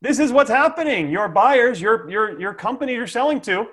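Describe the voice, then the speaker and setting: A man giving a lively, jokey sales training talk, often checking in with "okay?". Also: extremely high pitch, moderate pace.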